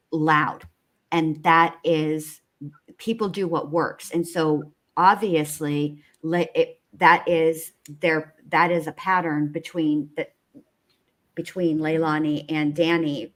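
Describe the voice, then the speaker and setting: A woman with a lowish voice talks through a true crime case with a co-host. She is emphatic and sassy and stretches her words for punch lines. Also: steady tone, unhurried, a bit bright. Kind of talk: true crime chat show.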